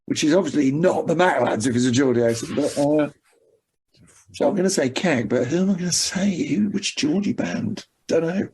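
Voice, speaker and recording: A man's voice: on the high side, moderate pace, darkish tone, a little hiss or hum. A man guesting on a podcast, answering quiz questions in wry, self-deprecating chat.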